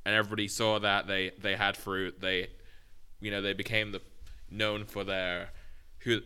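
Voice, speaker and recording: A man's voice: on the low side, flat delivery, moderate pace, bright, forceful tone, clear, resonant tone. A man in a casual faith discussion, reading a passage and asking the others probing questions. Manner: inquisitive, drawing others out with questions.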